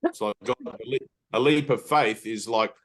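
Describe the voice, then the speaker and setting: A man's voice: medium pitch, moderate pace. Blunt, emphatic man teaching. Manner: emphatic and blunt, swears, acts out inner voices. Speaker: spiritual teacher. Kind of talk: informal spiritual talk to students.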